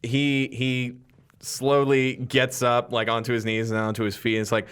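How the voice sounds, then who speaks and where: A man running a tabletop game, narrating scenes in a smooth, resonant voice at an average pitch. He describes things loosely and relaxed, filling his pauses with "like" and "uh". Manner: relaxed, descriptive, many fillers. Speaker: game master.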